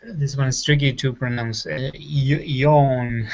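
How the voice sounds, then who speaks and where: A man's voice: mid-range voice, fairly even intonation, takes it slowly, gravelly. Hesitant man learning English. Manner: hesitant, full of fillers and restarts. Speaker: language student. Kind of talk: online language lesson. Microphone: video call. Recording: dull lo-fi online call audio.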